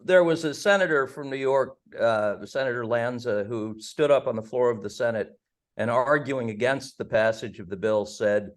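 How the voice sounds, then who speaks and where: A man's voice: mid-range voice, moderate pace. A man hosting an interview on a video call, chatty and joking as he tells stories. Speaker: host.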